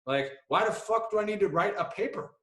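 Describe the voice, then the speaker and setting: A man's voice: high-pitched, expressive, a little fast, fairly bright tone, pitched above the performer's own voice. A man voicing an angry male veteran sergeant with a Southern accent, ranting profanely. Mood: indignant rant. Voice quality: profane, indignant. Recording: echoey room.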